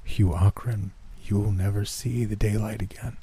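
A man's voice: lowish voice, steady tone, husky. A man doing an ancient relentless old nurse. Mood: hushed. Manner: hushed, insistent, slow and solemn.

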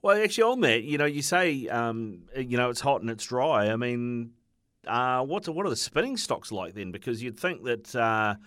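A man's voice: medium pitch, expressive, normal speed, a bit bright, dry recording, clean studio sound. A man hosting a sports radio show, asking questions casually with friendly restarts. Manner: friendly, stumbling restarts, says mate a lot.

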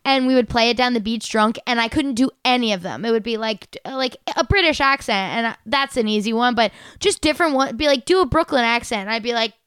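Chatty woman with a smooth, higher voice. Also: quick pace, few pauses, a bit bright, dry recording, clean studio sound. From Delaware County, Pennsylvania. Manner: chatty, laughs easily. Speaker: podcast co-host. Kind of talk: casual chat.

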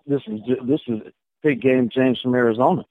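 A man's voice: mid-range voice, normal speed, dry recording. Man calling in over a tinny phone line. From Minnesota. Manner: easygoing, hesitant restarts. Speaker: caller. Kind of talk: phone call-in chat.

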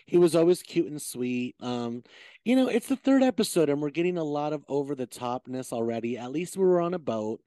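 A man hosting a gossip chat, his pitch leaping up and down all over the place. He talks in a dry close-up sound, loose and full of swearing. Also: brisk, no room sound. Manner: animated, profane, gossipy. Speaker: podcast host.

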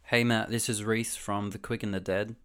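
A man's voice: fairly low pitch, flat delivery, moderate pace, noisy background. A man with an Australian accent, a band member leaving a polite, plain question for a show. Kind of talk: recorded voice message.

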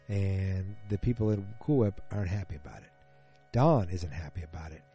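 A man's voice: low voice, animated, normal speed, dark tone, husky, soft background music. A man casually recapping a TV episode, rambling with lots of fillers and restarts.

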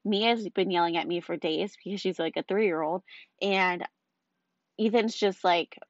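Young woman, tired mom venting to camera, slightly low voice, dull dry recording. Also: measured pace, dry recording. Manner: chatty, exasperated, frequent fillers like "like" and "um". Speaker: mother of two small children. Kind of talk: casual storytelling vlog.

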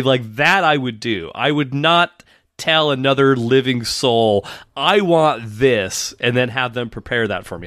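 A man's voice: medium pitch, fairly bright tone, dry recording. A man co-hosting a podcast in casual chat, congested, with a dry teasing manner. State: congested from covid. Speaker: podcast co-host.

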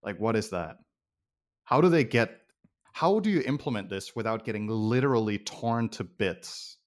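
A Danish man chats casually on a stream in a slightly low voice, blunt, opinionated and swearing without a second thought. His intonation is lively and his speed normal.

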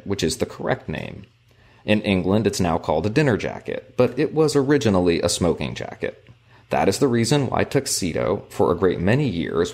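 Deep guy reading a history book out loud, slow and careful, podcast host. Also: gravelly. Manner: measured, deliberate reading.

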